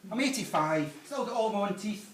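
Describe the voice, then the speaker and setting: A man's voice: high voice, animated, a little fast, recorded from a distance, pitched above the performer's own voice. A man quoting a cocky old Scottish man. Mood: boastful. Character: cheeky old man of eighty-five in a care home. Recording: echoey hall, from afar, loud noise.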